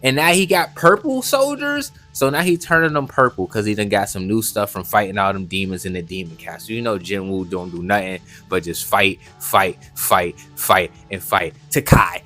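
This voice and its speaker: A man's voice: fairly low pitch, animated, normal speed, hardly any pauses, pushed and bright, faint music behind. Slangy, joking male anime reviewer. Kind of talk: casual recap commentary.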